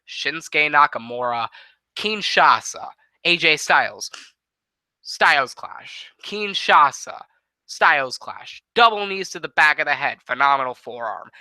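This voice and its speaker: Bright-voiced man booking wrestling. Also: a little high, no room sound, low-quality recording. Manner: casual, quick, profane play-by-play. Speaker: host. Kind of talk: fantasy booking play-by-play.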